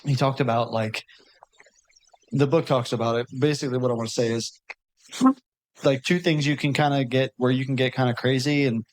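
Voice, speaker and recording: A man's voice: mid-range voice, fairly even intonation, a little fast, pauses often, low-quality recording. A man co-hosting a casual podcast in a studio, talking in a rambling, reflective way with lots of fillers like "you know" and "like". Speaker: podcast co-host. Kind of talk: casual chat.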